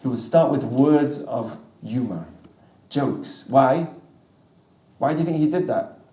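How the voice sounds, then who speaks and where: A male rabbi teaching a class with a live audience, chatty and storytelling, with quick asides to the listeners. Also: mid-range voice, mellow. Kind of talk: lively classroom teaching with anecdotes. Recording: roomy distant mic in a hall.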